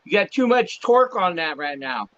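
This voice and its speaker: A man's voice: high voice, very animated, fairly bright tone, lo-fi sound. A man chatting on a video call, teasing his friend and chiming in with jokes. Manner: teasing, chimes in with jokes and quick comments. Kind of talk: casual chat on a video call.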